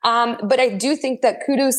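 A woman's voice: on the high side, moderate pace. A woman co-hosting a football podcast, chatty and enthusiastic, often laughing. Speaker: podcast co-host. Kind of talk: casual sports chat.

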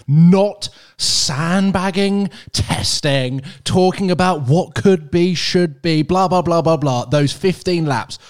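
A man's voice: on the high side, slow, hardly any pauses. A man co-hosting a podcast, teasing his co-host playfully in casual chat.

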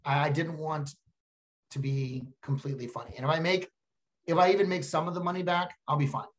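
A man with a Texan accent, a comedian chatting casually and telling animated stories as a podcast guest. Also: on the high side, a little fast, a little hiss or hum. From Texas. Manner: animated storyteller, slips into silly voices.

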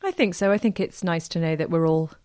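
A woman in her thirties co-hosts a podcast as its gardening expert, speaking quickly in a lowish, darkish voice. Chatty and giggly, she patiently walks through gardening basics in casual conversation, recorded in studio quality with no echo.

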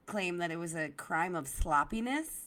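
A woman from the Philadelphia area, a comedian guesting on a podcast, telling stories in an animated way, swearing freely and filling her talk with "like" and "literally". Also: lowish voice, moderate pace. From Delaware County, Philadelphia area. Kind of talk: casual podcast chat.

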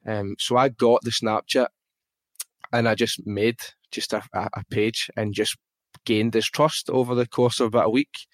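Speaking at normal speed in a voice on the low side, a Glaswegian podcast guest tells a personal story with feeling, and the recording has no room sound. His manner is casual, animated and frank, with free swearing.

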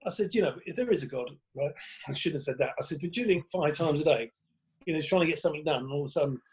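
A man's voice: a little high, rapid-fire, low-quality recording. A man, a comedian guest on a podcast, telling rambling anecdotes in casual chat with plenty of swearing.

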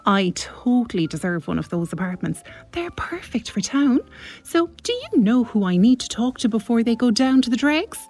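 A woman's voice: fairly high pitch, sing-song, moderate pace, a little mellow, faint music behind. A woman with a Cork accent voicing a spoiled, property-obsessed young woman who gossips breathlessly. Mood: gossipy.

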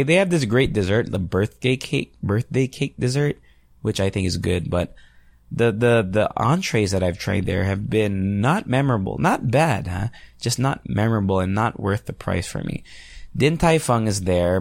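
A man's voice: on the low side, creaky, dry recording, clean studio sound. A man, hosting a casual solo podcast, rambling and chatty and swearing freely. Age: 30s. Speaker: podcast host and radio DJ.

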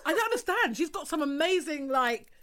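A woman co-hosting a podcast, chatty and expressive, laughing easily. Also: sits high, moderate pace. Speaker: podcast co-host. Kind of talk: casual chat.

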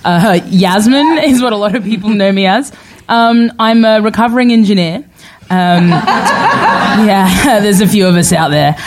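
A woman's voice: medium pitch, normal speed, heavy background noise. A woman guest, a writer and broadcaster, joking and self-mocking in casual chat. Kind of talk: casual chat on a live show.

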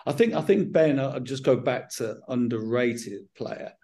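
A middle-aged man with a Southern English accent, a football manager answering interview questions frankly and in a measured way, often restarting his sentences. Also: mid-range voice, lively intonation, dark tone. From England.

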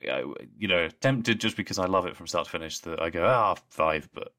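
A man co-hosting a podcast in casual chat, relaxed and a bit hesitant, laughing easily. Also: deep voice, fast talker. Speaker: podcast co-host.

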